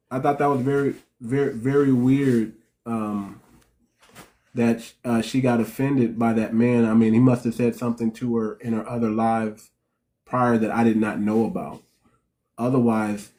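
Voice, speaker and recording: A man's voice: medium pitch, a little mellow. A man talking on a livestream as a relationship coach and host, blunt and direct, often restarting his sentences and repeating words. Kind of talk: casual livestream talk.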